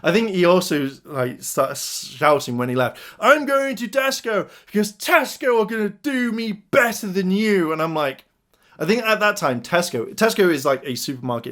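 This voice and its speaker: Young guy doing a storytime vlog, rambly and animated, kinda higher voice. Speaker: youtuber.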